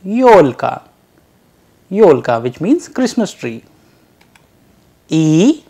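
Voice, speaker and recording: A language teacher giving a recorded lecture, drawing out each letter sound slowly and carefully for learners to repeat. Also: mid-range voice, a little mellow.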